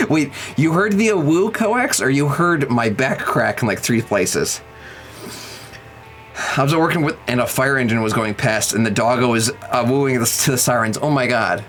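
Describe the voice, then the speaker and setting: Male streamer, young adult, playful chat, very lively pitch, faint music behind. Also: unhurried, rough recording. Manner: playful, joking with chat, counting out exercise reps. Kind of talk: casual live-stream chat.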